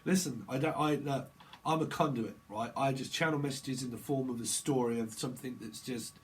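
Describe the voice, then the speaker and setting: A man's voice: mid-range voice, brisk, slight background noise. A man giving a rambling, jokey tarot reading, free-associating and jumping into playful put-on voices. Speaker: tarot reader.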